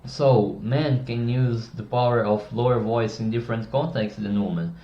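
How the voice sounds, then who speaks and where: A man presenting a casual lesson on communication, often dropping his voice lower and softer to demonstrate tones. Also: normal speed. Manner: demonstrates tones, drops voice low and soft for examples. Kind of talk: casual explanatory video lesson. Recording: echoey room, dull lo-fi sound.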